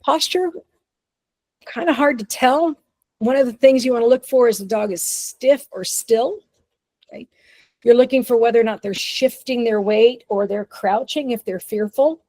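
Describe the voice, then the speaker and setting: A woman's voice: on the high side, moderate pace, a little mellow, dry recording. A woman giving an informal webinar presentation on dog behavior in a chatty, easygoing way, with frequent fillers and light laughs.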